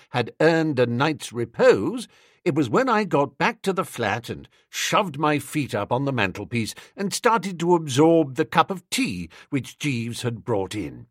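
A man narrating an audiobook in a breezy, expressive first-person storytelling manner. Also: a little high, no room sound, clean studio sound.

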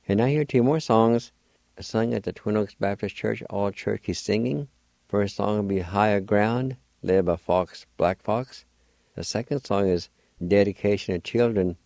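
Slow, low-voiced man spelling out words. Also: creaky, mellow, no room sound. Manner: deliberate, spells out letter by letter. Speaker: radio host teaching words. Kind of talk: language lesson.

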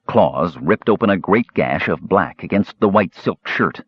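A man's voice: low-pitched, lively intonation, measured pace, slightly rough, no room sound. A man narrating a fantasy audiobook with a dramatic, varied delivery. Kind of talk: scripted narration. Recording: dull, dry recording.

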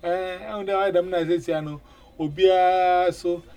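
Guy hosting a radio chat, kinda high voice, says eh a lot and repeats himself. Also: normal speed. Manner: animated, with frequent 'eh' fillers and repeated words. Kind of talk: casual chat in mixed languages.

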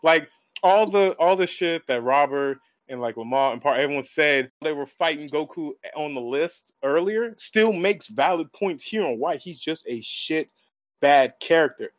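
A man with a slightly high voice argues bluntly on a casual podcast, peppering his points with swearing and often restarting mid-sentence. The sound is dry and close. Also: lively intonation, normal speed, no room sound. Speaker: podcast panelist. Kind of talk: casual group chat.

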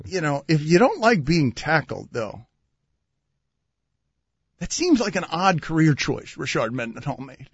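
A man hosting a sports radio show, telling stories with animated, laughing, mock-indignant banter. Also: on the high side, a little slow, long pauses, husky, no room sound, muffled recording. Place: radio studio.

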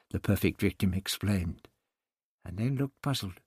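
A man narrating an audiobook in a measured, expressive storytelling manner. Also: sits low, creaky, breathy edge, no echo, clean studio sound. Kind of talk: scripted narration.

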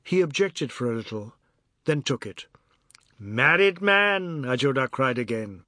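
A man narrating a novel in a measured storytelling manner. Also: mid-range voice, lively intonation, dry recording. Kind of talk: audiobook narration. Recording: dry close studio sound.

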